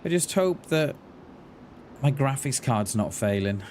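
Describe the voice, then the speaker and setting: Over the noise of his game, a man chats on a casual livestream in an animated, mid-range voice that is a little slow and a little mellow. He rambles hesitantly and often says words twice.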